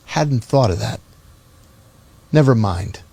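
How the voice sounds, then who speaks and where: A man voicing a gruff older male crime boss in prison, who talks in short clipped commands and questions. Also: medium pitch, lively intonation, slow, warm tone, voice pushed down, exaggerated voice. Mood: flat.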